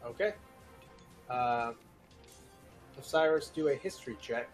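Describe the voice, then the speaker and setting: A man narrating as game master of a tabletop role-playing game, in a relaxed, plain way. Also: mid-range voice, unhurried, faint music behind.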